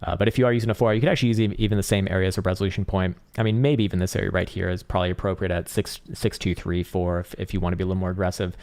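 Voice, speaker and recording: Low gravelly guy, voice kinda worn out, rattling off crypto charts on a stream, swears a bunch. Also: fairly even intonation, very fast, few pauses, a little mellow. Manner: rambling, profane, frequent fillers and restarts. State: strained, tired voice. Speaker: crypto trading livestream host. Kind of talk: casual livestream chart analysis.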